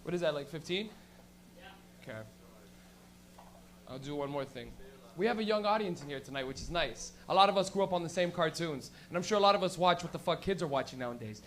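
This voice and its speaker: A man's voice: a little high, fast talker, pauses often, a little hiss or hum. A Canadian man doing a stand-up comedy set, telling loose, profane stories and acting out bits. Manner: loose, profane, animated storytelling with acted-out bits. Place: small comedy venue.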